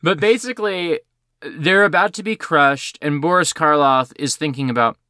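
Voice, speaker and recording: Podcast co-host, male, bright tone, dry close sound, rambling and excited. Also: on the high side, moderate pace, no echo. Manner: rambling, excited, many fillers. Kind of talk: casual film discussion.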